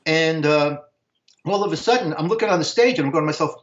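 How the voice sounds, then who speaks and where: A man, casually telling animated stories, and he sometimes acts out voices in a high, excited tone. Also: fast. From Brooklyn, New York. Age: 60s. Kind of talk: casual storytelling. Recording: echoey, dull video call audio.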